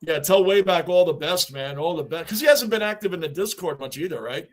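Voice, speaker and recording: A chatty man, described as New, riffs on sports in a casual livestream, talkative and reading and answering chat while repeating himself. His voice is a little high, animated and fairly quick.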